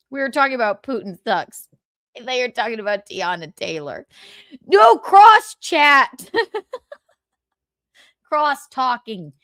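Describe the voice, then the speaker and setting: A woman with a lively, bouncing voice hosts a casual gossip livestream. She is blunt and sarcastic and swears freely. Her voice is close and dry. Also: medium pitch, no echo. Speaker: livestream host.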